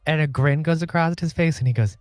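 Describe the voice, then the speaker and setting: A man's voice: fairly high pitch, fairly even intonation, fairly quick, smooth, no room sound, soft background music. A man narrating as game master in a tabletop role-playing game, playful and laughing often.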